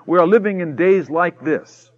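A man preaching a sermon, telling a story with lively acted-out quotes that swing from shouts to hushed asides. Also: high-pitched, moderate pace, muffled recording. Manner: animated storytelling, acts out quotes with shouts and mock whispers.

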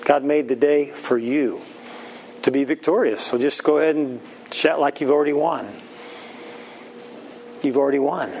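Brief: middle-aged male pastor, folksy informal sermon, gravelly voice. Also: fairly high pitch, steady tone, normal speed, pauses often, darkish tone, a little hiss or hum, poor audio. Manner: folksy, plain-spoken, laughs often.

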